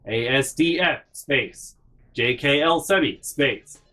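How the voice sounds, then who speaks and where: A man telling a funny story in a casual vlog, animated and sarcastic. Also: mid-range voice, slow. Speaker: YouTuber. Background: faint background music.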